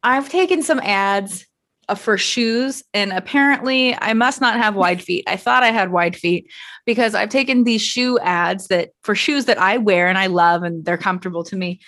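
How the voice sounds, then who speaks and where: A young woman co-hosting a podcast tells stories in casual conversation, candid and animated, and swears freely. Her voice is medium in pitch, and she talks at a normal speed.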